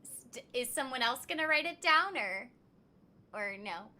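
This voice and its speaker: Playful, bright-voiced woman streamer. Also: high-pitched, animated, normal speed. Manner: rambling, playful, full of fillers and asides to chat. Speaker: streamer and voice actor. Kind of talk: casual live-stream chat while gaming.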